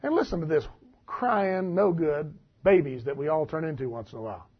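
Male preacher, high and husky, folksy and animated, captured on a dull lo-fi recording. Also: brisk. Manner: folksy, animated, laughs at the text. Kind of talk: sermon, reading and commenting on scripture.

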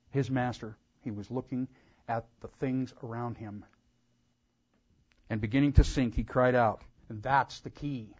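A man preaching a sermon, swelling into loud emphatic cries. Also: medium pitch, lo-fi sound. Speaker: pastor.

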